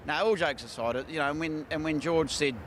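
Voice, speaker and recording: A man's voice: a little high, a little fast, background noise. A man, a racehorse trainer talking candidly after a big win, with lots of fillers and restarts. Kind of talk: casual post-race interview. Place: outdoors at a racecourse.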